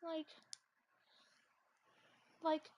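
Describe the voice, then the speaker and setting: A woman's voice: extremely slow, muffled recording. A woman vlogger ranting casually and animatedly, packing her talk with "like" fillers and exasperated asides.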